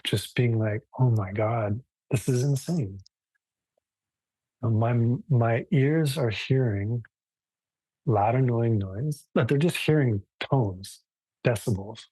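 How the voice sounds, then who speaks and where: Husky-voiced man teaching a yoga class. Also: mid-range voice, dark tone, dry recording, poor audio. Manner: casual, thoughtful, many restarts and fillers. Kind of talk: relaxed live class lecture.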